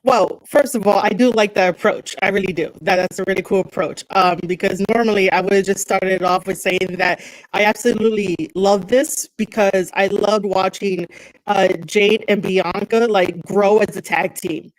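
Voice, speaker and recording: A woman's voice: medium pitch, steady tone, normal speed, no room sound, rough recording. A woman guesting on a casual podcast, talking in a friendly, chatty way with lots of fillers.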